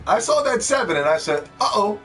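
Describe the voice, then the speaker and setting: A man's voice: high voice, animated, moderate pace, fairly bright tone. A man giving a profane, scornful rant about video games, mocking other players as he talks, with faint music behind. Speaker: video game commentator. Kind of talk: ranting game commentary.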